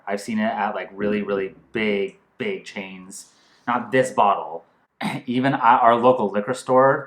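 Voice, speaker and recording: A man hosting a casual wine-tasting chat, rambling and excitable, often restarting as he hunts for words. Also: on the low side. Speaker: host. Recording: echoey room.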